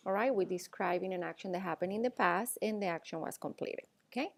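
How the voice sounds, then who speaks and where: Her voice sits on the low side and sounds a little mellow. As a Spanish teacher giving a classroom lecture, she's patient, explaining slowly and often checking with "okay?" or "all right?"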